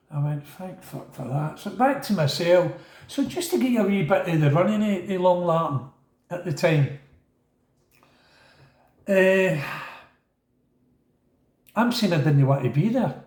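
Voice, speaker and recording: A middle-aged man with a Glaswegian accent telling a casual, rambling story and acting out the voices of other people. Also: on the high side. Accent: Scottish, Glaswegian. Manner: rambling, animated, acts out quoted voices. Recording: echoey room.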